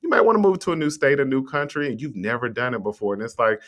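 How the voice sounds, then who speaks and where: A man hosting a motivational livestream talk, speaking conversationally and straight to his listeners, his pitch swinging up on rhetorical questions. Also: fast talker, few pauses, fairly bright tone. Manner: conversational and encouraging, addresses listeners directly. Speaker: host. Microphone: streaming setup with a mute button.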